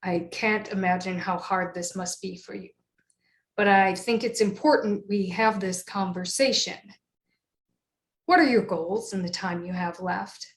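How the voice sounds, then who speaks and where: A woman's voice: mid-range voice, measured pace, lightly acted. A woman voicing a nervous young male doctor who sounds stiff and rehearsed as he delivers hard news. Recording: roomy echo.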